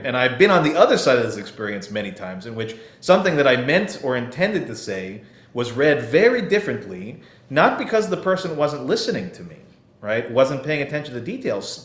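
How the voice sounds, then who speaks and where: A man giving a sermon as a rabbi, explaining a scripture text and often checking in with his listeners with "okay" and "right.". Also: mid-range voice. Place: synagogue sanctuary. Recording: echoey room.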